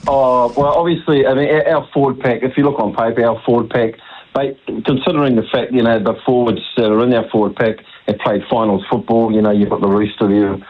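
A man's voice: mid-range voice, fairly even intonation, brisk, muffled recording. A man from New Zealand phoning in to a radio show, talking in a rambling, hesitant way full of "mate" and fillers. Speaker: radio caller. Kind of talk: phone-in chat.

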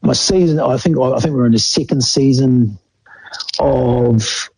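A middle-aged New Zealander, a former rugby player appearing as a guest, rambles casually through old rugby stories in a storytelling interview, laughing often and acting out the voices he quotes. His mid-range voice is unhurried, darkish and slightly rough, on a rough recording with no room sound.

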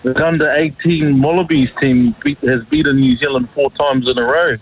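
A man's voice: medium pitch, steady tone, normal speed, husky, no echo. A middle-aged man calling in to a radio talk show, chatting in a rambling way with lots of fillers. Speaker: caller. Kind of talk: casual talkback chat about rugby. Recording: tinny phone line.

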